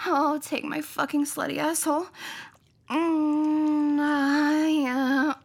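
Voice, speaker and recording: High, breathy woman in erotic role-play. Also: level tone, slow. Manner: breathy, moaning, pleading. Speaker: erotic audio performer.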